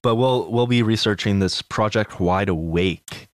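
A man's voice: lowish voice, unhurried, dry recording, clean studio sound. A man co-hosting a casual podcast, talking laid-back and swearing freely. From Canada. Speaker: podcast co-host. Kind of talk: casual news chat.

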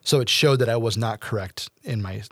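A man in casual conversation about faith, speaking earnestly and at length. He drifts into playful asides now and then. His voice sits at a middling pitch and sounds dry and close to the mic. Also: fairly quick, no echo.

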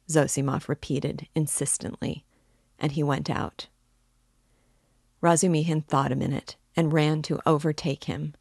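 A woman reading a classic novel aloud in a measured, unhurried way. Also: sits low, flat delivery, vocal fry, darkish tone, breathy edge, no room sound, clean studio sound. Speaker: book club reader.

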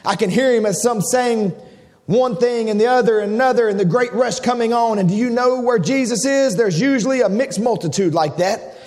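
A man's voice: very high voice, moderate pace, a little mellow, in a large hall. A man preaching, vividly retelling a scene and acting out the crowd's voices, heard on an archive sermon recording. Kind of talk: storytelling sermon.

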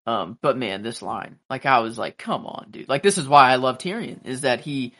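Male podcast co-host, casual chat, bright voice, halting and rambly delivery. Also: medium pitch. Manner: rambling, halting, full of fillers and restarts. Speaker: podcast co-host reacting to a TV episode.

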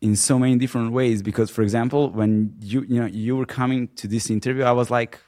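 A man interviewing a guest in a casual sit-down chat, talking in a rambling, halting, earnest way. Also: medium pitch, steady tone, darkish tone, no room sound, studio quality.

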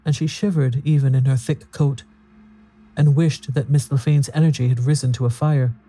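Dark-toned male storyteller. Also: mid-range voice, fairly even intonation, moderate pace, breathy edge. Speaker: narrator. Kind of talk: audiobook narration of a ghost story.

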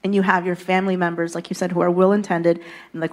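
A woman's voice: fairly low pitch, little pitch movement, fast. A woman hosting a faith-based interview, affirming her guests and drawing out their stories. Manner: affirming, frequent amens and encouragement. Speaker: host.

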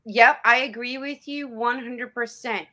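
A woman's voice: a little high, fairly even intonation, measured pace, crowd noise. A woman hosting a casual conversation, agreeing enthusiastically.

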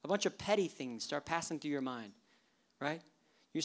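A male pastor in his thirties delivers a lively sermon. He moves between plain teaching and playful storytelling, acting out the stray thoughts of people in the pews. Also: on the high side, moderate pace, long pauses. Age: 30s. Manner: animated storytelling, acting out worshippers' inner thoughts with humor.

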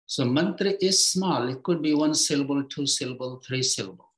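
Taking his time, a spiritual teacher offers a reflective talk, and his phrases trail off low and quiet at their ends.

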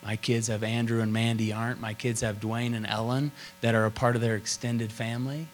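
A man's voice: mid-range voice, flat delivery, a little fast, a little hiss or hum, poor audio. A middle-aged man from Oklahoma preaching a sermon as pastor, with an emphatic, repetitive cadence.

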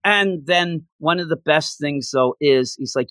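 A man with a slightly high voice talks casually as a co-host, retelling a story with feeling and acting out the characters' lines. The recording is dry and close, with no room sound. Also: unhurried, fairly bright tone, dry recording. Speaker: podcast co-host recapping a game. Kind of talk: casual chat.

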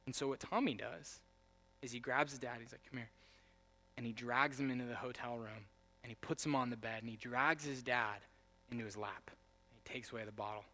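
A young adult man preaching a sermon, moving between quiet storytelling and loud, emphatic preaching. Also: medium pitch, brisk. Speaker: pastor.

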